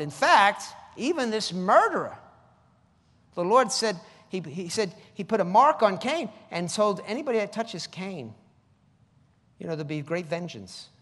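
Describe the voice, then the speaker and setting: A man preaching a lively sermon. His voice sits high and jumps widely in pitch. It rings out in a hall with a long echo. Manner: animated, reads scripture slowly, mocks with high voices.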